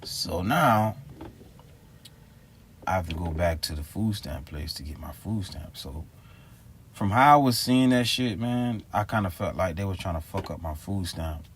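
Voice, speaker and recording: A deep-voiced man rambles through a story in loose, slangy talk. He sounds exasperated as he vents to the camera. There is faint noise in the background. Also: measured pace. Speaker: vlogger. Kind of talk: casual vlog storytelling.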